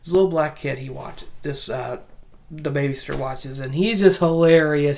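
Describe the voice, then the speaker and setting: Speaking at a normal pace in a deep voice, a woman who reviews movies casually retells the plot of a horror film. Her recap rambles, with frequent restarts and asides.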